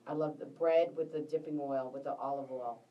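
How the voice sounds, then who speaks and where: A woman's voice: a bass voice, steady tone, a little fast, far from the mic, muffled recording. A woman hosting a casual live stream, chatting and greeting viewers by name in a bubbly way.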